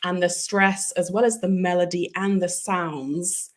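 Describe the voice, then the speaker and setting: Female speech trainer, slow and instructive, demonstrates sounds. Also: lowish voice, fairly even intonation. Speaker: speech coach. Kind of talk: interview answers.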